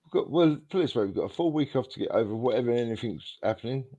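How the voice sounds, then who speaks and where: A man's voice: medium pitch, expressive, rapid-fire, warm tone, lo-fi sound. A man with an English accent co-hosting a casual football fan show, easygoing and a little rambling. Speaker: podcast co-host. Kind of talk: casual chat.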